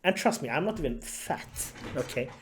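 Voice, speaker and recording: Man, casual vlog storytelling, sarcastic, profane, fairly high voice. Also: animated, moderate pace, a little hiss or hum. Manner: profane, sarcastic, laughs often. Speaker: YouTuber.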